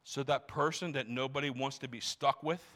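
A man's voice: mid-range voice, steady tone, normal speed, a bit bright. A man in his sixties, a pastor preaching to a congregation in church, emphatic, asking rhetorical questions and repeating words. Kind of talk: sermon.

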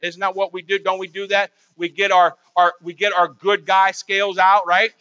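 A man's voice: high voice, little pitch movement, normal speed, pushed and bright, clean tone. A male pastor preaching a conversational sermon, full of rhetorical questions and repetition. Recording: dull lo-fi recording.

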